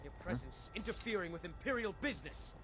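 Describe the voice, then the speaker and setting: A man's voice: high voice, very animated, fast, sharp tone, full character voice. An actor playing a stern male Imperial soldier guard, curt and commanding, in a fantasy video game. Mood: dismissive.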